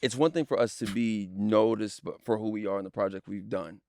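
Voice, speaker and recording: Guest, man, low smooth voice, steady storytelling, dry close sound. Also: fairly quick, no room sound. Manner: steady storyteller, acts out quotes. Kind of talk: casual reminiscing chat.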